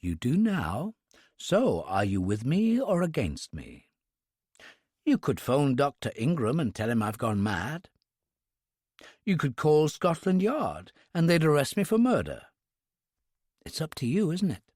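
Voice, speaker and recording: A man voicing a grieving older aristocratic woman in an audiobook, quiet, low and determined. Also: wildly swooping pitch, a little slow, long pauses, breathy edge, no echo, clean studio sound, exaggerated voice. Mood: steely.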